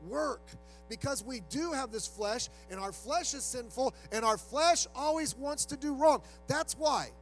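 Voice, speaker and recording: A man's voice: very high voice, expressive, a little slow, faint music behind, poor audio. A male pastor preaching a sermon in a loose, conversational way, acting out quoted voices as he goes.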